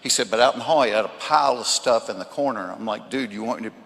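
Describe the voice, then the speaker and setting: A man with a Southern US accent, a comedian and speaker telling folksy stories in a faith talk to a live audience, at times turning earnest and hushed. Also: medium pitch, quick pace. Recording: reverberant hall with faint noise.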